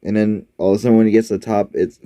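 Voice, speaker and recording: A man's voice: on the low side, level tone, rapid-fire, dark tone, dry recording. A man giving offhand, rambling commentary while playing an app game, full of fillers and restarts.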